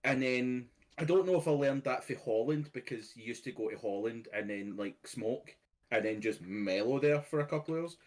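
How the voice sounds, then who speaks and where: Scottish man, 30s, podcast host, relaxed matter-of-fact chatter. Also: mid-range voice, moderate pace. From Scotland. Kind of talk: casual chat.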